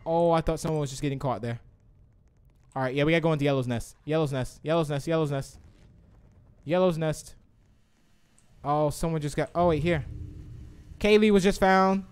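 A man hosting a live game stream, excitably commenting and reading viewers' chat aloud. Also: on the high side, normal speed, long pauses, clear, resonant tone. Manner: excitable, reads chat aloud, swings from shouts to mumbles. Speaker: livestream host.

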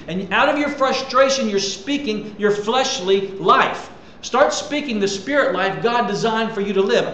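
A man preaching a sermon in an animated way, rising loud and dropping soft and often repeating words. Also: sits high, moderate pace. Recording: echoey room with faint ambient noise.

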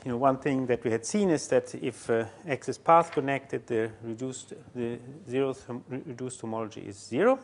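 A man giving a university mathematics lecture, halting often with fillers and restarts as he works through a proof. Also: mid-range voice, a little hiss or hum. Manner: halting, many fillers and restarts while writing.

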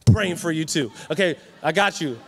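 Male youth preacher, high-pitched and animated, live in a reverberant hall. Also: normal speed, gravelly, slightly rough. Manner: animated, joking with the crowd. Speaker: youth conference speaker. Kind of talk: energetic sermon.

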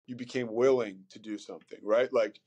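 A man's voice: mid-range voice, fairly even intonation, fairly quick, darkish tone, muffled recording. A man speaking as a podcast guest in casual conversation, candid and rambling, with many fillers and some swearing.

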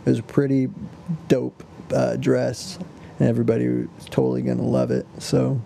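This is a male podcast co-host with a heavily gravelly, fry-filled voice and a dark, mellow tone. He retells a fairy tale casually, in slangy and rambling speech full of restarts. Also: medium pitch, level tone, moderate pace, slight background noise. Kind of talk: casual storytelling chat.

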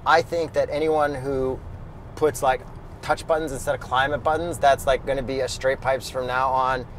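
A man's voice: mid-range voice, moderate pace, slight background noise. A young man from Canada, co-hosting a casual car review, joking and ranting with emphatic energy. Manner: excitable, jokey, emphatic rants.

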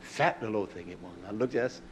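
A man's voice: lowish voice, lively intonation, quick pace, slight background noise. A man preaching a sermon in an emphatic way, often repeating key words.

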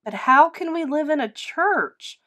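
A woman's voice: lively intonation, measured pace. A woman voicing a whiny, upset young boy. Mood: upset pleading. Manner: high, loud and whiny. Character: ten-year-old boy, upset and pleading.

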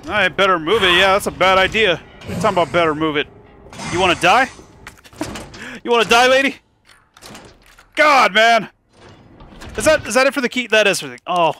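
Excitable high-voiced man gaming. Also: fairly quick, slight background noise. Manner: excitable, swears and yelps at jump scares. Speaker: gamer playing a horror game. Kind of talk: live gameplay commentary.

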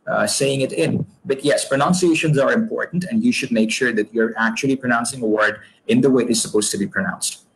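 A man's voice: mid-range voice, slight background noise, low-quality recording. A man from Bangladesh answering viewers' comments in a live-stream English lesson, patient and polite, with many fillers and restarts.

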